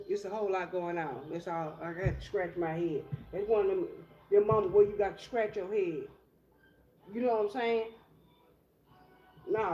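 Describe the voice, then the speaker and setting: This tarot reader is a woman with a mid-range voice, reading cards casually with streetwise bluntness and plenty of profanity. The audio is muffled, captured in an echoey room over loud music.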